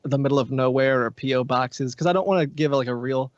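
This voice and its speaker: A man's voice: medium pitch, fairly quick, no echo. A man chatting as a podcast guest, loose and rambling with lots of filler words. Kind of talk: casual podcast chat. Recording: dull, muffled podcast audio.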